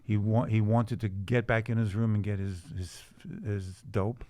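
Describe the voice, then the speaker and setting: An older man with a lowish voice tells long, wandering stories. He keeps restarting his sentences and laughs easily. The sound is very dry and close. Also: fairly even intonation, warm tone, dry recording. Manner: rambling anecdotes with restarts, quick laughs. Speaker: guest comedian and musician. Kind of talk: casual storytelling chat. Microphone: studio podcast mic.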